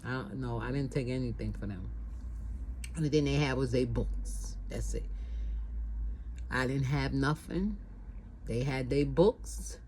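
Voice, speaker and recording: Her very deep, darkish voice moves unhurriedly, with frequent pauses, as a middle-aged woman shares a personal story. The low-quality recording carries a little hiss or hum, and she talks casually, repeating phrases and acting out quotes.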